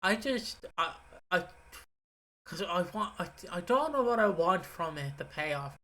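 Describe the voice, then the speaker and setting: Bright, rambling male podcast co-host. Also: high voice, sing-song. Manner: rambling, halting, sweary. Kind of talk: casual chat.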